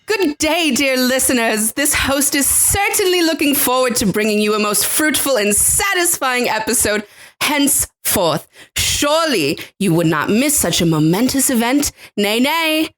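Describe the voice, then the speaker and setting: A woman voicing a prim Regency society gossip narrator with a put-on British accent, slow, grand and overly formal. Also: high-pitched, lively intonation, fairly bright tone. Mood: grandly formal. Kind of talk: mock-formal podcast intro.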